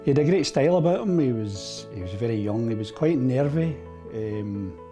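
A man's voice: mid-range voice, lively intonation, moderate pace, mellow. A man recalling a priest's early years in a reflective, hesitant way. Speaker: parishioner. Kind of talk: casual recollection. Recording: music behind.

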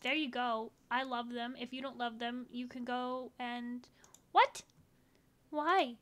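A woman's voice: fairly high pitch, completely flat delivery, measured pace, fairly bright tone, slight background noise. A woman chatting casually over a game as she plays, bubbly and talkative. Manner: bubbly, chatty, talks to the game and her dogs. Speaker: gaming YouTuber. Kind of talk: casual gameplay commentary.

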